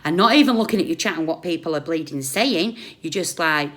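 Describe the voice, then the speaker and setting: A British woman ranting on a live stream, blunt and sarcastic, scolding someone by turns loudly and under her breath. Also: on the low side, fairly quick, hardly any pauses. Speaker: YouTube commentator.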